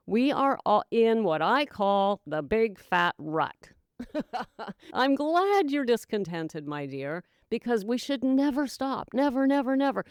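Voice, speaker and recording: A middle-aged woman hosting a sobriety podcast, giving an emphatic motivational talk that calls listeners "gals" and "my dear" and slips into hushed whispers. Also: medium pitch, clear, resonant tone, no room sound, studio quality. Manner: dramatic voices and hushed whispers for effect. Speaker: podcast host, sobriety coach. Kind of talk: motivational monologue.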